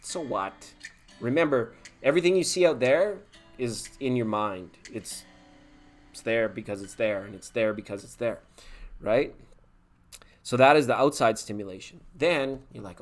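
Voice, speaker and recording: A man's voice: mid-range voice, normal speed, soft background music. Chatty man hosting a live tarot stream. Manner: chatty, laughing, talks to viewers by name. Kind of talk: casual live-stream chat.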